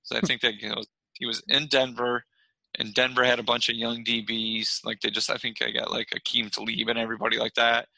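A man hosting a casual sports podcast, steering the conversation and making blunt, joking put-downs. His voice is very bright and edgy with gravelly fry, recorded dry. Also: medium pitch, level tone, brisk, no echo, rough recording. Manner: leads the segment, blunt jokey put-downs. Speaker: podcast host.

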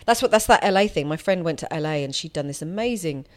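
Talking fast and expressively in a deep voice, a middle-aged actress guests on a casual podcast. She's chatty and warm, frequently restarting sentences and correcting herself.

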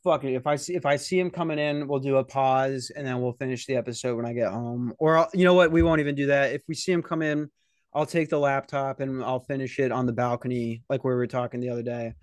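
A young man hosting a podcast, telling rambling, profane stories in a casual, animated way. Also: medium pitch, fast, dry recording, clean studio sound. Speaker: podcast host. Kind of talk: casual storytelling. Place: security office at night.

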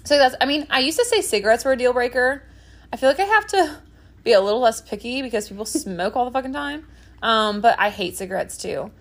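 Giggly young woman with a lively high voice. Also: fast. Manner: giggly, animated storytelling with lots of fillers. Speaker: podcast co-host. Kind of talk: casual chat.

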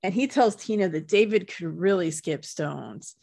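A woman's voice: fairly low pitch, expressive, moderate pace, creaky, a little mellow, no room sound, clean studio sound. A woman co-hosting a podcast, casually retelling a TV episode and often laughing. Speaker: podcast co-host recapping a TV episode. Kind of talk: casual chat.

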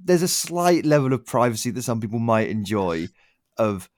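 A man's voice: mid-range voice, big pitch swings, normal speed, dry recording, clean studio sound. A young man co-hosting a casual podcast chat, laughing often and swearing freely. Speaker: podcast co-host.

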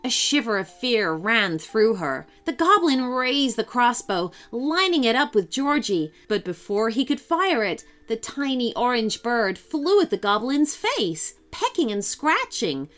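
A woman storyteller giving a scripted narration of a children's story in a lively, expressive way. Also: fairly high pitch, unhurried, hardly any pauses.

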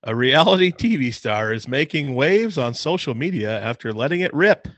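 A man's voice: medium pitch, expressive, normal speed, a bit bright, dry recording, highs cut off. A man co-hosting a casual podcast, reading a news story aloud with laughing asides. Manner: reads out articles with laughing asides. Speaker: podcast co-host.

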